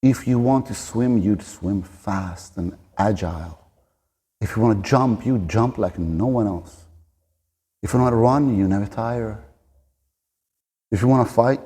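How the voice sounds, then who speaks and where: A man's voice: mid-range voice, gravelly, warm tone, breathy edge. A man in his forties giving an earnest, encouraging motivational talk to camera as a fitness coach. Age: 40s. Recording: long reverb of a large room.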